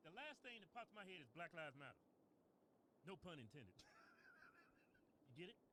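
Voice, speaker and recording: A man co-hosting a casual comedy show, trading crude wisecracks and laughing loudly. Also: high-pitched, wildly swooping pitch, measured pace, noisy background. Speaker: co-host.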